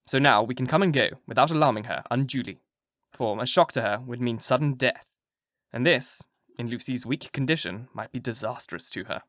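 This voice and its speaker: A man hosting and narrating an audiobook, with a relaxed, joking intro and then a steady, clear reading. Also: medium pitch, brisk, dry recording, studio quality. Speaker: audiobook narrator and channel host.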